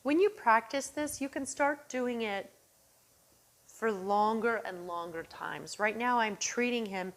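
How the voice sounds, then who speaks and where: Calm woman demonstrating dog training. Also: measured pace. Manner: calm, encouraging, praising the dog in soft tones; high excited calls to the dog, then low soft praise.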